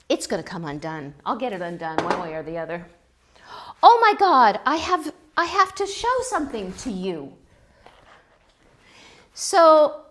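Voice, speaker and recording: A middle-aged woman hosting a pottery channel, chatting casually as she unloads a kiln, gushing with gasps and little exclamations. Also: mid-range voice. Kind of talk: casual kiln-opening vlog chat.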